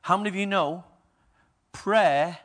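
A man pastor preaching a sermon, firing rhetorical questions at the congregation and swinging between quiet and loud. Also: high voice, measured pace.

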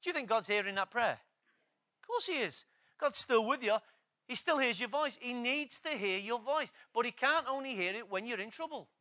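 A man's voice: extremely high pitch, lively intonation, moderate pace, sharp tone. A man preaching a sermon, emphatic, repeating key phrases and asking the congregation questions.

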